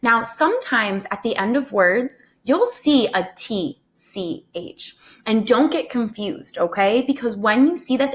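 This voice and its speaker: A woman's voice: a little high, big pitch swings, a little slow. A woman teacher giving a recorded phonics lesson to first graders, upbeat, chatty and encouraging.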